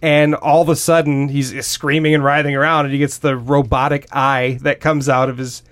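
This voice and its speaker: A man co-hosting a podcast, chatting casually and getting excited, laughing often as he talks. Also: moderate pace. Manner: excitable, laughs often, pitch jumps when enthused. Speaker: podcast co-host. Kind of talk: casual chat.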